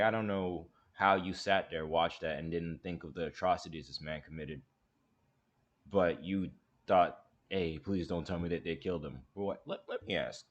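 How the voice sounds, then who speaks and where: Deep-voiced man rambling through a reaction. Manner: rambling, hesitant, emphatic. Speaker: commentary host. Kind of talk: reaction commentary.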